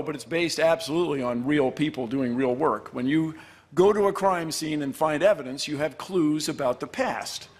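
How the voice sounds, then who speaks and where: A man giving a formal debate speech in an earnest, emphatic way, stressing points by repeating them. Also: a little high.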